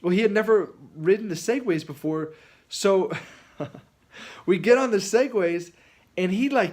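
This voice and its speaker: A man's voice: sits high, slow pace, a little mellow. Rambling man telling a story. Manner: rambling, lots of fillers and restarts. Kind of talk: casual anecdote.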